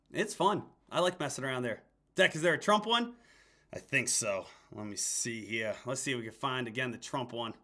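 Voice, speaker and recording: A young man hosting a live stock-trading stream, energetic, talking straight to his viewers. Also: medium pitch, moderate pace. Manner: energetic, addresses viewers as traders. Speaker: host, stock trader. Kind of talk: live-stream market talk.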